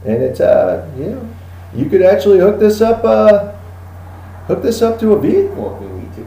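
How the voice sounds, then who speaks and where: A pushy squeaky arms dealer. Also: male voice, huge pitch swings, creaky, mellow, very echoey, distant mic, exaggerated voice, rough recording. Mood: hushed selling. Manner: high-pitched, fast, repetitive sales patter. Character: pushy hyper male back-alley arms dealer.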